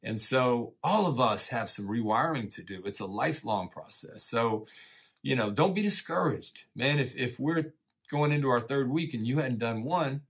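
A middle-aged man teaching a church lesson in a relaxed, folksy way, encouraging listeners and often saying "man" and "you know.". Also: mid-range voice, normal speed, husky. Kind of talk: casual conversational sermon.

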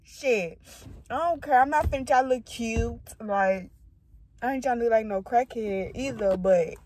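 A woman in her twenties, a vlogger, films a casual vlog on her phone in her parked car, with a fairly high voice at a moderate pace over a noisy background. She rambles emotionally and bluntly, swearing a lot and crying on and off.

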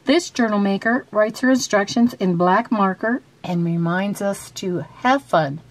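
With a mid-range voice and a measured pace, a woman who makes craft vlogs chats about the journal she made by hand. She says um a lot and restarts her sentences before moving on to reading out quiz questions.

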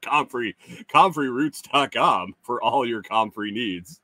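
A middle-aged man hosting a casual live stream, reading chat comments aloud and teasing viewers with chuckles and halting restarts. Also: mid-range voice, expressive, bright, forceful tone, no room sound.

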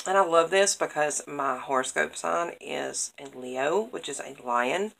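A woman's voice: low voice, a little slow, creaky, few pauses, low-quality recording. A woman, chatting casually to camera as she opens craft mail and gushes over every piece. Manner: gushing, excitable, repeats praise words. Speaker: craft vlogger opening happy mail.

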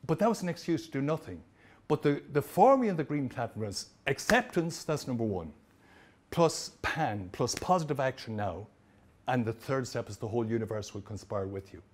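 Animated storytelling male speaker. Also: medium pitch, moderate pace. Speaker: motivational speaker. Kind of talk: live presentation to trainees.

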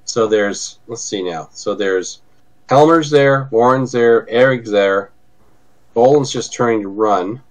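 A man with a fairly low voice runs a tabletop game as its game master. He narrates in an easygoing way and works out the rules out loud as he goes. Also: slow pace, rough recording. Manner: easygoing, thinks aloud while narrating.

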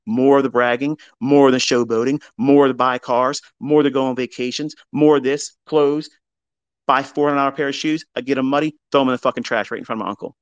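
Medium-pitched and fairly even in intonation, this middle-aged man talks fast, with no room sound and dull audio. He's a trading mentor giving a blunt, profane motivational talk that swings between heavy emphasis and confession.

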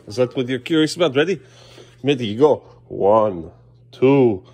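Sleepy, playful dad with a lively voice. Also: male voice, medium pitch, normal speed, slightly rough. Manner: playful, teasing, coaxing his kids. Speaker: father and vlogger. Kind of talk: casual family vlog. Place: home kitchen, then outdoors by the street.

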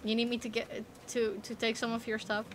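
A woman with a Dutch accent, chatting playfully while streaming a game, at times breaking into excited squeals. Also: fairly high pitch, brisk, slight background noise. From Netherlands. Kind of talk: casual gameplay chat.

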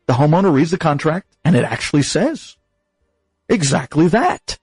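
A man telling a moral story with dramatic, expressive pauses. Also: fairly high pitch, husky, no echo, faint music behind, low-quality recording. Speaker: rabbi storyteller. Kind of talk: animated storytelling.

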